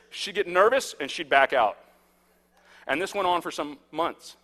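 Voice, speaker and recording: A man in his thirties, a pastor preaching a sermon and telling stories, swinging from hushed to loud. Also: sits high, animated, brisk. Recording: echoey hall.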